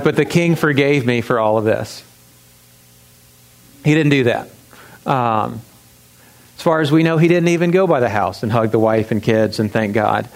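A man preaches at an ordinary middle pitch, telling the story casually with "um"s and restarts. He hammers his key points home through repetition. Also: darkish tone, poor audio. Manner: conversational storytelling with emphatic repetition; frequent fillers and restarts. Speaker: pastor. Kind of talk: sermon.

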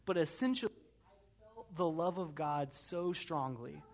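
A young man delivers a sermon in a relaxed, conversational way. His voice sits a touch higher than most men's, and he keeps asking his listeners "right?". The tone stays earnest throughout. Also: a little slow. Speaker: pastor.

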